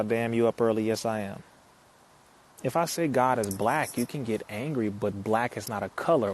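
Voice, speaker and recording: A man's voice: fairly low pitch, moderate pace. A man talking to viewers on a live stream, reading their comments and answering them, preachy and emphatic, repeating his points. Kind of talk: casual live stream talk.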